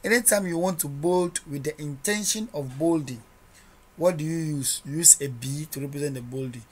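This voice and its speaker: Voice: medium pitch, moderate pace. A coding instructor talking through a screen-recorded tutorial, narrating each edit step by step and quizzing listeners with rhetorical "what?" questions.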